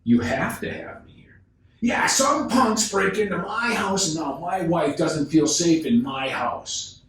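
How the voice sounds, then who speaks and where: A man voicing a gruff, stone-faced older man in his sixties who yells in a storytold scene. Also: high voice, unhurried, heavy reverb, distant mic, voice pushed up. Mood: angry yelling. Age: 60s.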